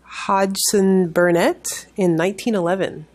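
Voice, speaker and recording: A woman's voice: medium pitch, steady tone, measured pace, darkish tone. A woman co-hosting a podcast, chatting with a guest in a playful, easygoing way. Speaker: podcast co-host. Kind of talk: casual interview chat.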